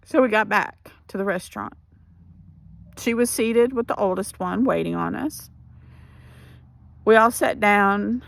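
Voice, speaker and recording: A woman giving an emotional personal testimony for a ministry, speaking haltingly and restarting her sentences. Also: mid-range voice, fairly bright tone.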